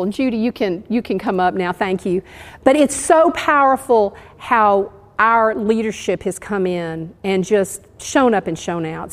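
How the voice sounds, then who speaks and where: A woman's voice: medium pitch, big-room sound. A woman giving an earnest, encouraging sermon in church. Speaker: church speaker. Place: church sanctuary.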